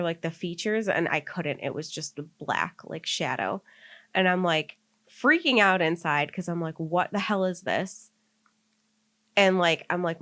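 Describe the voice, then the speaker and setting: A woman's voice: fairly low pitch, a bit bright. A young woman on a podcast, telling a story in casual chat and rambling with constant filler words. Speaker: podcast co-host.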